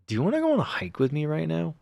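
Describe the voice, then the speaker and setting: A man's voice: on the high side, huge pitch swings, racing, vocal fry, a little mellow, no room sound, pitched above the performer's own voice, exaggerated voice. A man voicing an awkward young man on a dull first date, making a casual, eager suggestion in an everyday voice.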